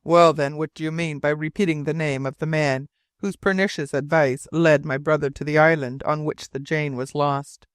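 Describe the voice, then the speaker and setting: A stern ship captain who demands answers in a tone of command, read by a man in an audiobook. His voice is slightly high and sits in a dry, close recording. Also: steady tone, moderate pace, smooth, dry recording, lightly acted.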